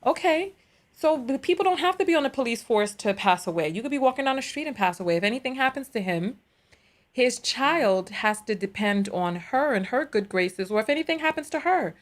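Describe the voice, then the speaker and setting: A woman hosting a live call-in show, giving her commentary quickly and repeating words as she starts a thought. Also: a little high, animated. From United States.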